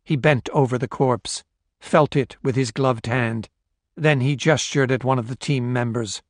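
A male audiobook narrator delivers scripted narration of a novel at a steady, measured pace. The mid-range voice has no echo and a clean studio sound.

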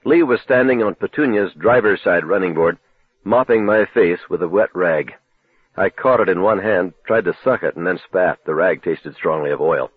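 Husky male audiobook narrator on a tinny line. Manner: measured, low, dramatic storytelling. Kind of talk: first-person novel narration. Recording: tinny phone-like dry recording.

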